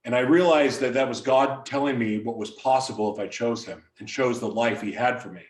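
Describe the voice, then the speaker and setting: A man's voice: medium pitch, brisk. A man, a podcast guest, giving a frank, confessional personal testimony in blunt everyday language. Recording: roomy sound, distant from the mic.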